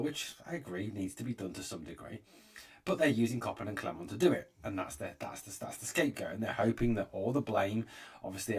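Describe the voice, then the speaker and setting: A man with a lowish, slightly breathy voice, recorded far from the mic, hosts a fan channel with an opinionated monologue. His commentary is exasperated and emphatic, and he repeats himself often.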